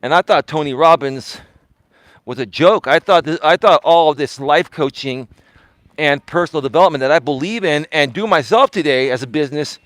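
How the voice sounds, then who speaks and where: A man's voice: normal speed, fairly bright tone, dry recording. Emphatic middle-aged man, life coach. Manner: emphatic, swinging highs and lows. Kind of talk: live-stream talk.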